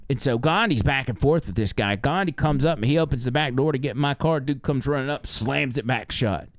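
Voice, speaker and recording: A man who drives for a rideshare service tells a story on a podcast, animated and acting out the people in it. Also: medium pitch, fairly quick, no echo, studio quality. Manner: animated, acts out the characters.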